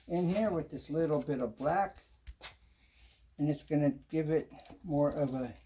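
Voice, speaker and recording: A man hosting a home improvement how-to, talking casually as he works and often saying "kinda". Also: on the high side. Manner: relaxed, talks while working, repeats "kinda" often. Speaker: home improvement show host.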